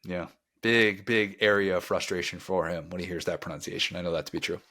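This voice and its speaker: A man's voice: low voice, pushed and bright. A man co-hosting a college football podcast, wry and opinionated, in casual chat. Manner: wry, opinionated, drawn-out emphasis. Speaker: podcast co-host.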